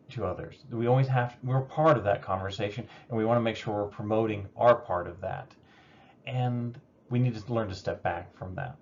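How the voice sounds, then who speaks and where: A man teaching a lesson in a relaxed, conversational way, with some fillers. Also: mid-range voice. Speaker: instructor. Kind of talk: recorded lecture. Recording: dull lo-fi recording with faint noise.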